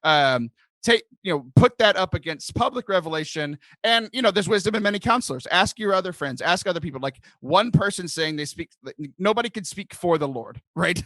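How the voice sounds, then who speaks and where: A man hosting a casual podcast, talking earnestly with lots of "like", hoarse from losing his voice. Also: high-pitched, fairly quick, no echo. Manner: earnest, animated, heavy use of "like". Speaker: podcast host.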